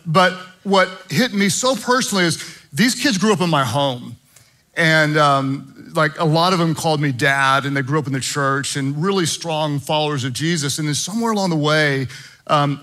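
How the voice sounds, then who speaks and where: A man preaching a sermon as pastor, earnest, moving between hushed prayer and animated storytelling. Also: a little high, poor audio.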